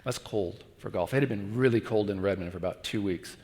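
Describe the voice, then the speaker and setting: A middle-aged man preaching a sermon as guest pastor, telling stories in an animated way and dropping to a hush for pleading lines. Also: lowish voice, fairly quick. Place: large church hall. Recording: long church reverb.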